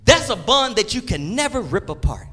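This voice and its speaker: A man's voice: sits high, big pitch swings, normal speed, a bit bright, slightly rough. A middle-aged man preaching a sermon in an emphatic, folksy way, repeating his key phrases.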